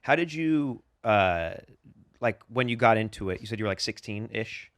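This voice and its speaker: A man's voice: fairly low pitch, expressive, normal speed, a bit bright, no echo, studio quality. A man co-hosting a podcast, asking easygoing questions with hesitant fillers. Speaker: podcast co-host. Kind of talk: casual interview questions.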